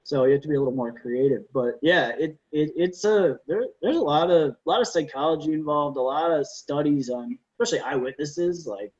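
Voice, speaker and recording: A man, a defense lawyer, telling courtroom stories in a casual interview, animated and often restarting his sentences. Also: on the high side, brisk, few pauses, husky. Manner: animated storyteller, frequent restarts and stammered repeats. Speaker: defense lawyer, podcast guest. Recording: dull lo-fi sound.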